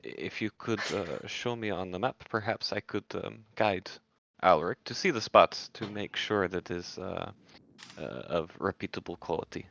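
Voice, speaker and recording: A man voicing a cautious character with a deep, gravelly voice, speaking slowly and haltingly in a tabletop game. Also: fairly bright tone, muffled recording. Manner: slow, halting.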